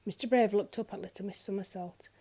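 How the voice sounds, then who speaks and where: A woman reading a children's picture book aloud in an expressive storyteller's manner. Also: medium pitch, fast talker, breathy edge. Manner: expressive, lilting.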